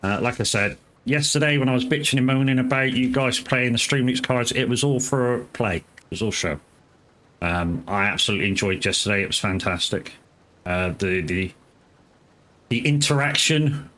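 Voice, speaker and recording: A man's voice: medium pitch, normal speed, fairly bright tone, slight background noise. A man chatting casually while streaming a farming game, greeting viewers and swearing freely as he rambles between tasks. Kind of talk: casual live gameplay commentary.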